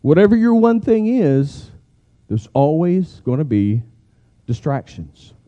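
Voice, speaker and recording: Animated preaching man. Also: a little high, slow pace, lo-fi sound. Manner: animated, emphatic, leads the crowd in repeating phrases. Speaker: pastor. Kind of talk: sermon.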